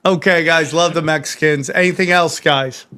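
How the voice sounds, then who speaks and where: Brief: male podcast host, slightly high voice, self-deprecating, casual ad reads. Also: steady tone, normal speed, pushed and bright. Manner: self-mocking, joking. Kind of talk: casual chat, reading ad plugs.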